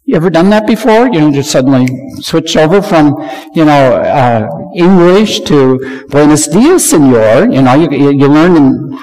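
Male preacher, animated and halting, many restarts, fairly high voice, long hall reverb. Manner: animated, repeats words and restarts often. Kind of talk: sermon.

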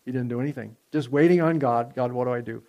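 Male preacher, gravelly tone, chatty storytelling sermon with lots of "you know" fillers. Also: medium pitch, quick pace, a little mellow. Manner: conversational, many fillers and restarts, rising in intensity. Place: church before a congregation.

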